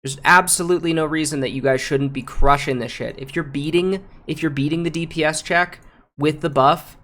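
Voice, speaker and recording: A man's voice: a little high, fairly even intonation, fairly quick, pushed and bright. A man streaming live while reviewing raid footage, ranting heatedly with heavy swearing, repeating himself and calling viewers bro and dude.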